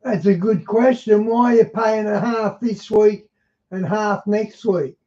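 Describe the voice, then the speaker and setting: A man's voice: high voice, a little slow, dark tone. A man commenting over a played clip and making dry asides to someone watching with him. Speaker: reaction commentator. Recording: muffled lo-fi audio.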